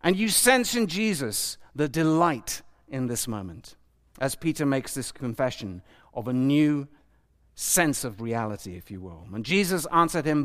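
Male preacher, animated sermon delivery, lively pitch swings, slightly higher voice, quizzes the congregation. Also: moderate pace. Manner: animated, questions the audience, acts out quoted voices.

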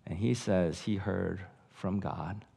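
A man as guest pastor telling a story in a sermon, animated and acting out voices, then dropping to a hush. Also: sits low, takes it slowly, vocal fry, husky. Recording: long reverb of a large hall.

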